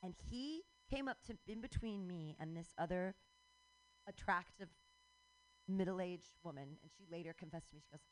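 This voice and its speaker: Animated swearing woman ranting on radio. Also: on the low side, normal speed, low-quality recording. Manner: animated, swearing, laughs often. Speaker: radio show host. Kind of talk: casual ranting monologue.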